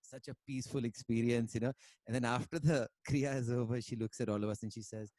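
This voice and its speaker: A man chats over a video call, wandering through his stories with lots of fillers and the odd Hindi word. His voice sits at an everyday middle pitch, and the sound is dry and close with no room around it. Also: steady tone, quick pace, mellow, no echo. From India. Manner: rambling, many fillers, mixes in Hindi words. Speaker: musician guest. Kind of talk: casual conversation and storytelling.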